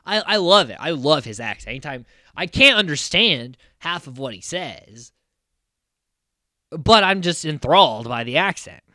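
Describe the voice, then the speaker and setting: A man's voice: fairly high pitch, normal speed, no room sound, studio quality. An American man hosting a podcast, chatting casually as he recaps a reality show, acting out quotes and swearing freely. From United States. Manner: animated, acts out quotes from the cast; swears casually, frequent fillers. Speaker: podcast host.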